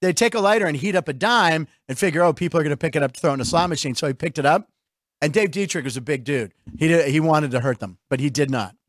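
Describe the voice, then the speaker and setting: A middle-aged male host from Pittsburgh with a notably high voice, recorded dry and close. He rambles through a casual comedic chat, tossing out jokes and quick asides. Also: no echo.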